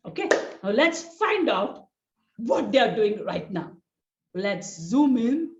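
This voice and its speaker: A woman leading a storytelling session for children over a video call, animated and asking the kids questions. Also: on the high side, slow pace, reverberant, highs cut off.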